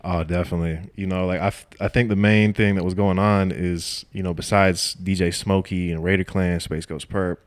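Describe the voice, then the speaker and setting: A man's voice: deep voice, flat delivery, moderate pace, hardly any pauses. A young man from Atlanta, a rapper and producer, talking casually in an interview, laid-back and full of "like" and "you know". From Atlanta, Georgia. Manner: laid-back, heavy use of "like" and "you know", laughs often.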